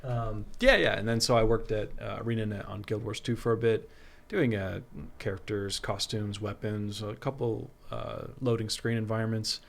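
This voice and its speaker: A man with a gravelly, creaky voice chats loosely on a podcast. He rambles through his story, full of fillers and quick laughs. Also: lowish voice, steady tone. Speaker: guest artist. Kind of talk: casual podcast chat.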